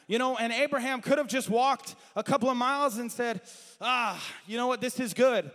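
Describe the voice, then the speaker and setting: A man preaching a sermon with passion, his voice climbing to shouts and then dropping to quiet asides, and saying he has strayed from his notes. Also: very high-pitched, normal speed, in a large hall.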